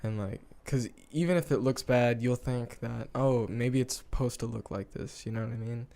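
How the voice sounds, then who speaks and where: A young man hosting a podcast who chats casually and informally, with relaxed hedges. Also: medium pitch, normal speed, gravelly. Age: young adult. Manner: relaxed, informal, hedging fillers. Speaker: podcast host. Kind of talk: casual interview chat.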